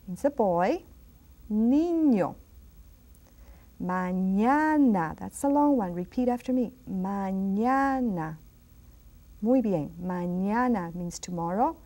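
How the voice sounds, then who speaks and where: A woman's voice: medium pitch, a little mellow. A woman from Puerto Rico with a Puerto Rican accent, teaching a language lesson on a school TV program and patiently repeating words. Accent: Puerto Rican Spanish. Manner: slow, patient, repeats words for the viewer to echo. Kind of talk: educational TV lesson.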